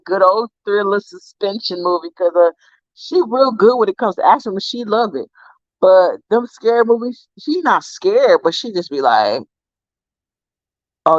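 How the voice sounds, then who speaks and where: A young adult woman casually telling stories to her viewers in an animated, profane, laughing way. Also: no room sound. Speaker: vlogger. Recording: dull, dry low-fi sound.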